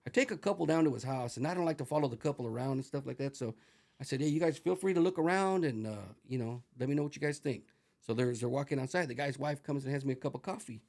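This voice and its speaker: A middle-aged man telling a profane, animated story as an interview guest, slipping into Spanish phrases as he acts out the dialogue. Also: mid-range voice, quick pace, gravelly. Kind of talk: casual storytelling.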